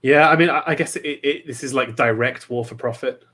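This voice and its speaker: A man's voice: mid-range voice, a little fast, bright, forceful tone. A man speaking as a guest on a casual political podcast, hesitant and thoughtful, often restarting his sentences.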